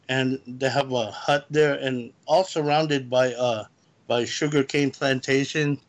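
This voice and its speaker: A man calling in as a guest, telling a personal story in a rambling, halting way. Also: mid-range voice. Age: adult, lived in California. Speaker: guest caller. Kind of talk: casual storytelling.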